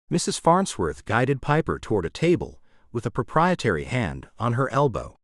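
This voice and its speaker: Man reading a romcom audiobook, super animated delivery, dead dry sound. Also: medium pitch, moderate pace, hardly any pauses, no room sound. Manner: expressive storytelling. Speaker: audiobook narrator. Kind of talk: scripted audiobook narration.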